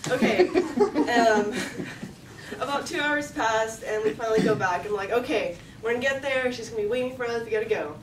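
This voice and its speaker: A young woman tells a story on stage in a chatty way, with lots of "like" and acted-out quotes. She is recorded from a distance in a roomy, echoing hall, with clear background noise behind her. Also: on the high side, fast talker, hardly any pauses. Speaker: story slam performer. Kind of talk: live personal storytelling. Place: event hall.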